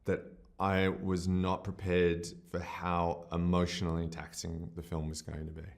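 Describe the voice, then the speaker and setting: A man's voice: sits low, monotone, unhurried, gravelly. An Australian man, a film director, talking in a festival interview, effusive and rambling with many fillers and restarts, openly emotional and self-deprecating.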